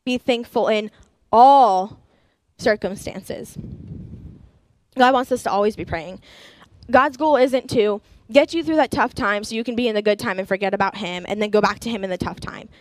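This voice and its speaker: An earnest young woman preaching to a group, weaving her own experiences in with scripture she reads aloud. Her voice sits at a middling pitch and is recorded dry and close, with no room sound. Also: moderate pace, dry recording. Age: young adult. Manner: earnest, personal testimony with scripture reading. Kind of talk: sermon.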